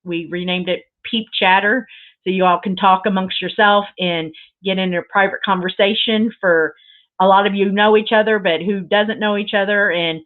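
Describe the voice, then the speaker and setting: A woman's voice: mid-range voice, steady tone, moderate pace. A woman hosting a casual crafting livestream, gushing and sentimental, rambling with lots of fillers. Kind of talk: casual live chat with viewers. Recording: tinny phone-like sound.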